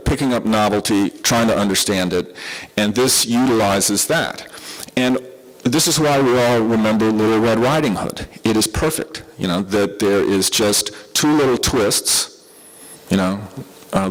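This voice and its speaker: A middle-aged man from the southern United States, with a Southern American accent, gives a live conference lecture in a conversational style full of fillers and restarts. His voice is on the low side at a moderate pace, and the recording is rough.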